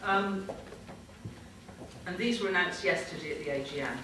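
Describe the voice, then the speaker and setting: A woman's voice: lowish voice, moderate pace. Woman announcing in an echoey hall. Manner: informal, loosely structured announcing. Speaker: convention host presenting awards. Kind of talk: live announcements from a stage. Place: large conference hall. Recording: echoey hall from far off, noisy.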